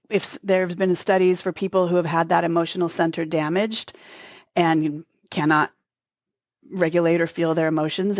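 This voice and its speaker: A woman coach speaks as an interview guest, relaxed and explanatory, often using "like" as a filler. Her voice sits low. The audio is dry and a little dull, like a remote recording. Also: no room sound. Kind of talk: casual conversational interview.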